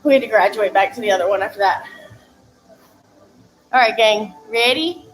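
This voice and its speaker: A woman's voice: mid-range voice, normal speed, low-quality recording. A woman fitness coach giving chatty, upbeat instructions during a live-streamed workout, laughing now and then between cues.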